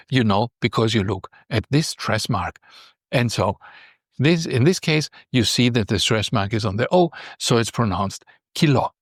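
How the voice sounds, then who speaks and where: A man teaching a beginner language lesson, explaining patiently step by step and lifting his pitch on key points. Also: no room sound, clean studio sound.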